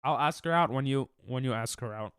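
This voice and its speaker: In a studio-quality recording with no room sound, a sick, coughing man streams a game, casually joking with viewers and reading and responding to chat in a medium-pitched, fairly quick, slightly bright, smooth voice.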